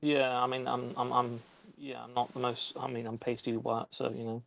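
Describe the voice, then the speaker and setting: A man with a British accent, a guest chatting casually over a call, stammering and halting. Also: medium pitch, flat delivery, creaky, a bit bright, no room sound. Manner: halting, stammers when unsure. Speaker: guest impressionist. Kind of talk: casual chat. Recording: dull call audio.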